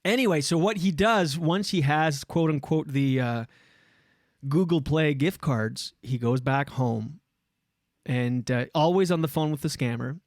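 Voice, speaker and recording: Animated male podcast host, dry close mic. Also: fairly high pitch, measured pace, dry recording. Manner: animated storyteller, swearing freely. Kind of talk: casual podcast chat.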